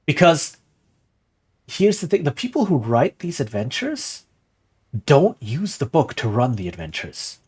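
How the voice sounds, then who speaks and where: A man's voice: fairly high pitch, measured pace, husky. A man streaming live, talking casually and animatedly about running tabletop games, often asking "right?" and answering chat. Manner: animated, rhetorical, frequent "right?"; reads chat aloud and replies. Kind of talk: casual livestream talk on game design.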